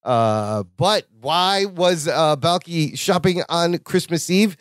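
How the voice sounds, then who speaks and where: A man's voice: fairly high pitch, slow, no echo, studio quality. Joking man podcast co-host. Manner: joking, laughs often. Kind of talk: casual chat recapping a sitcom episode.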